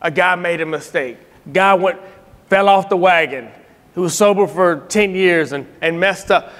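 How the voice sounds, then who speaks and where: A middle-aged man telling stories in a sermon style, animated, acting out quotes and laughing often. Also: sits high, moderate pace, big-room sound. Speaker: speaker giving a tribute.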